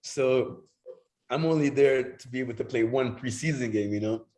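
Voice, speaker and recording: A middle-aged man, a guest telling animated stories in casual chat and acting out other voices. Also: medium pitch, normal speed. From Jamaica. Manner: animated, acts out quoted voices, swears freely.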